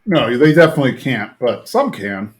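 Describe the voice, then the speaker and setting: A man's voice: mid-range voice, big pitch swings, normal speed. A man in his thirties casually recapping a cartoon episode on a podcast, rambling with lots of fillers and restarts. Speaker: podcast co-host.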